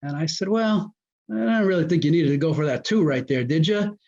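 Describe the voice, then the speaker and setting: A man, a former high school football coach, telling old stories as a guest and acting out what people said. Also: brisk. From New Jersey. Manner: animated storyteller who acts out quoted dialogue. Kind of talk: casual storytelling interview. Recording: muffled lo-fi audio.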